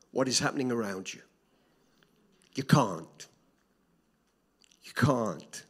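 An older man preaching a sermon, swinging between loud emphatic repetition and soft hushed drops. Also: mid-range voice, slightly rough.

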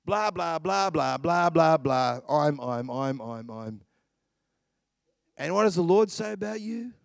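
A middle-aged man preaching a sermon with passion, swinging from hushed murmurs to shouts. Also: a little high, lively intonation, slow, gravelly, no room sound, studio quality.

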